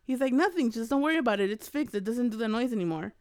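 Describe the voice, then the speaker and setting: A young woman co-hosting a podcast, telling a story in casual chat and acting out the quoted voices with big jumps in pitch. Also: lively intonation, fast, darkish tone, clear, resonant tone, dry recording, clean studio sound. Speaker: podcast co-host.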